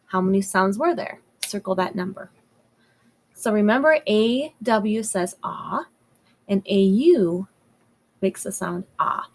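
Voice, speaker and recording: A woman teaching first graders a phonics lesson, slowly and patiently sounding out each word. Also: medium pitch, a bit bright, rough recording. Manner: sounds out words slowly and clearly. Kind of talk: slow, patient phonics lesson for young children.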